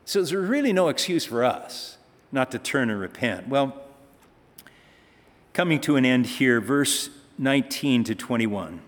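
A man's voice: mid-range voice, expressive, unhurried. A male pastor giving a conversational sermon, reading scripture and then explaining it, with emphatic passages. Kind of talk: sermon, Bible teaching. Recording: reverberant hall.

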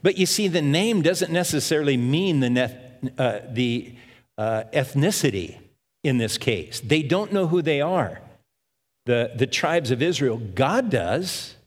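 An older man delivers a sermon, walking through a Bible passage and reading the verses aloud. He takes his time, speaking at a slow, measured pace. His voice rings with the long reverb of a hall. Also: mid-range voice, expressive. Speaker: pastor.

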